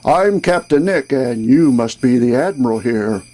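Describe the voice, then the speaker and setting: A man voicing a drunken, boastful old Santa figure on a boat, loud and jovial in a comic rhyming poem. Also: medium pitch, lively intonation, a little slow, faint music behind. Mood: boozy, jolly.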